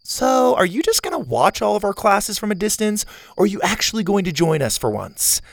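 Male narrator as a scrappy young camp girl, high and lively, teasing tone, storybook. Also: fairly quick, creaky, no echo, studio quality, heavily acted. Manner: feisty and teasing. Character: spunky tough young girl camper.

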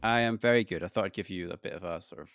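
Male podcast host, low-ish voice, dry close mic, easygoing banter. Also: rapid-fire, fairly bright tone, no room sound. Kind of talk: casual podcast chat.

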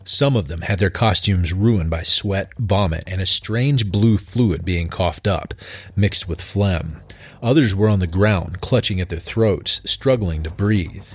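A man narrating a dark horror story in a measured, deliberate way. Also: low voice, breathy edge, no echo.

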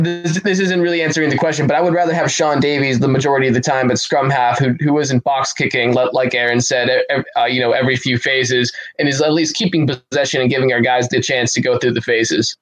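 Man, casual sports chat, opinionated, hedging, mid-range pitch. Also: steady tone, a little fast, low-quality recording.

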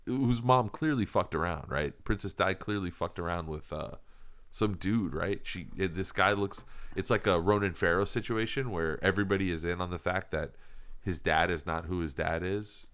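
Man, very low voice, rambling profane banter. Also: normal speed, a bit bright. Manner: rambling, profane, laughs often. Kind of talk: casual comedic chat.

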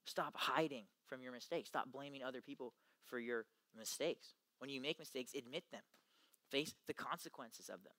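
A young man giving an earnest, emphatic youth talk to junior high boys, acting out the quotes he gives. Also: normal speed, sharp tone, no room sound. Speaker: youth ministry speaker.

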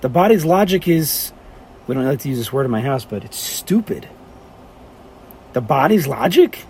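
A man's voice: medium pitch, big pitch swings, moderate pace, a little mellow, a little hiss or hum. A man teaching a class, talking animatedly and firing off rhetorical questions. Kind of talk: lively class lecture.

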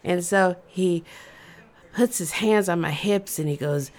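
A woman in her fifties hosts and tells a funny story from her own past. She talks in an animated, conversational way. Her delivery is dramatic, with sudden loud bursts between quieter asides. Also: fairly low pitch, measured pace. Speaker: storyteller host. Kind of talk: comedic personal storytelling.

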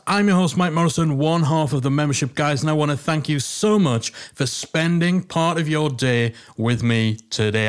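A man with a Geordie accent hosting a business podcast, talking in a chatty, emphatic, self-deprecating way. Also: fairly high pitch. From Northeast England. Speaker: podcast host. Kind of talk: casual podcast monologue.

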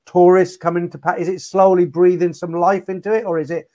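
Man, talk-show guest, high voice, inquisitive, halting restarts. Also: flat delivery, mellow. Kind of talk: casual chat.

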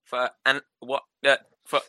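A man co-hosting a podcast, talking excitably with exaggerated outrage and breaking into laughter. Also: medium pitch, unhurried, no echo. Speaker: podcast co-host. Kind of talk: improvised comedy sketch and casual chat.

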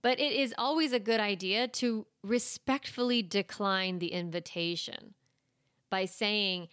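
A woman's voice: mid-range voice, measured pace, fairly bright tone, clean tone, dry recording, clean studio sound. A woman hosting a parenting podcast, giving reassuring advice in a chatty, casual way. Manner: chatty, reassuring, lots of "like" and "you know". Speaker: parenting coach and podcast host.

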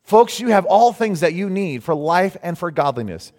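Animated preacher man in a reverberant hall. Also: high voice, moderate pace. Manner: animated, cries out in mock panic at times. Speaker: pastor. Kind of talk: sermon.

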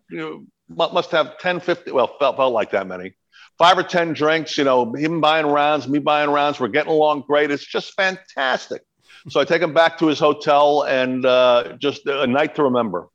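A middle-aged man telling stories as a podcast guest, in a casual chat. He talks in an animated way and acts out what people said. His voice sits in the middle of the male range. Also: fairly high pitch, normal speed, highs cut off. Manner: animated storyteller, acts out quotes.

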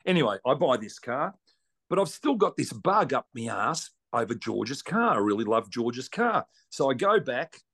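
A man's voice: mid-range voice, big pitch swings, moderate pace, a bit bright, husky. A man with an Australian accent, a racing guest telling a long story in a blunt, salty, colloquial way. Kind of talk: casual storytelling.

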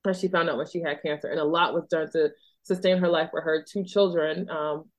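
A woman's voice: deep voice, fairly even intonation, fairly quick. A woman from Philadelphia, a doctor hosting a podcast, talking in an earnest, chatty way full of "like" and "you know.". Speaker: podcast host and OB-GYN doctor. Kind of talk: casual podcast chat.

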